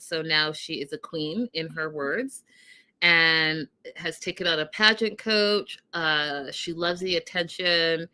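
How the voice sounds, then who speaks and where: Bright-voiced woman hosting a casual recap. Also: medium pitch. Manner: animated, laughing, addresses viewers as y'all. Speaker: reality TV recap host.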